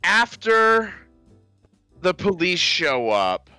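Brief: young male podcast co-host, bright lively voice, dry close mic, faint music underneath. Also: high voice, drawn-out words, smooth, no room sound. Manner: animated, acts out scenes in silly voices. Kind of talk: casual movie review chat.

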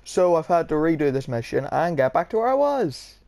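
A man's voice: on the high side, very animated, brisk, vocal fry, darkish tone, no echo. A man giving wry, sarcastic commentary while playing a video game. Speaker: gameplay commentator. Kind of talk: casual gameplay commentary.

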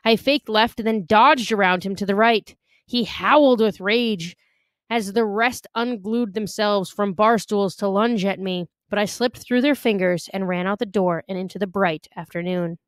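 A woman reading a novel aloud in an expressive, careful way. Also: mid-range voice, moderate pace, dry recording, clean studio sound. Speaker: reader.

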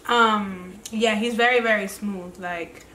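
A young woman hosting a casual reaction chat, relaxed and slangy with a drawl. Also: medium pitch, slow, echoey room, slight background noise. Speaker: co-host.

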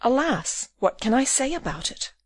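A woman's voice: on the high side, big pitch swings, normal speed, dry recording, voice pushed up. A woman voicing a frightened, tearful young woman in an audiobook, pleading through sobs. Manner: sobbing, pleading.

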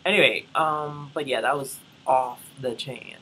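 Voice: mid-range voice, a little slow, fairly bright tone, slight background noise, low-quality recording. A young adult from the Bahamas, telling a rambling, chatty travel story and talking straight to viewers. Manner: chatty, addresses viewers as y'all, rambling asides. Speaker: vlogger. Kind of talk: casual travel vlog storytelling.

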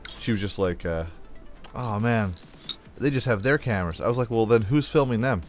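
Soft background music runs under this fairly low-pitched male voice, which keeps a moderate pace. He's a young let's play host chatting casually over gameplay, telling meandering, joking stories into his desk microphone and adding little sound effects.

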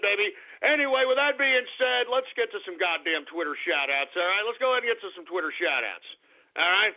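A man hosting a talk radio show, brash and boastful, whooping and shouting with excitement. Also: high voice, a little fast. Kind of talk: boisterous talk radio monologue. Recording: tinny phone-like radio audio.

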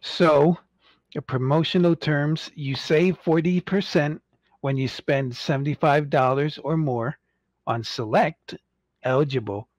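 A man hosting a casual toy-collecting livestream, rambling and joking, and mocking impatient fans in squeaky put-on voices. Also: dry recording. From United States.

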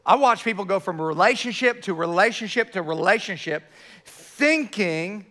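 A man preaching a sermon to his church, animated, often restarting his words. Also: sits high, slow. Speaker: pastor.

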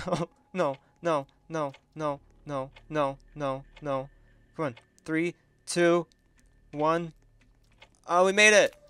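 A man giving excitable, chatty gameplay commentary and laughing often as a gaming video creator. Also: fairly high pitch.

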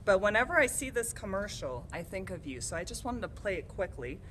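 A woman's voice: mid-range voice, big pitch swings, a little fast, heavy background noise. A woman recording a farewell message to a retiring coworker, emotional and holding back tears.

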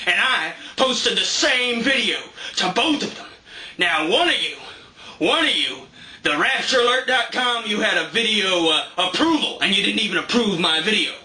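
A man ranting at a camera, taunting his targets with rapid rhetorical questions that he repeats over and over. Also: high voice, sharp tone, roomy sound, poor audio. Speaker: YouTube video poster. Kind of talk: angry confrontational rant.

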